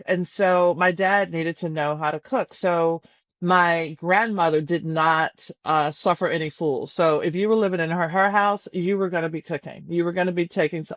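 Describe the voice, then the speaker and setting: A woman in her sixties from Tennessee, a chef guest calling in from home, telling stories in a lively, chatty way and laughing often. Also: lowish voice, dry recording. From Nashville, Tennessee. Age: 60s. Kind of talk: casual interview chat. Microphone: remote call.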